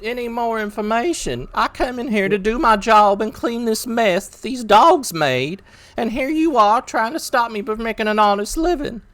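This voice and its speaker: A woman's voice: medium pitch, big pitch swings, measured pace, fairly bright tone. Woman playing an indignant Southern belle. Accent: Southern US, put on. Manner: indignant, genteel, fussing. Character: flustered prim Southern lady, a disguise.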